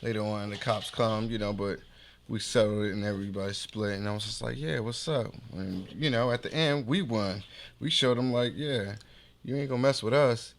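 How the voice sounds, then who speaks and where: There's slight background noise as a male podcast host with a lowish voice tells a street story at normal speed. He talks in animated, casual slang and voices the characters himself.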